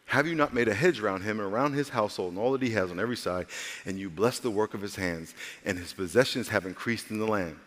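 A man's voice: lowish voice, fast talker, fairly bright tone, in a large hall. A male pastor preaching a sermon with humor, calling out to the congregation and voicing characters in his stories.

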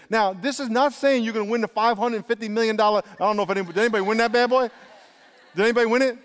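A middle-aged man preaching a lively, emphatic sermon in a church, calling on the congregation to answer back. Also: sits high, racing. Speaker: pastor. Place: church sanctuary. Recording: long reverb of a large hall.

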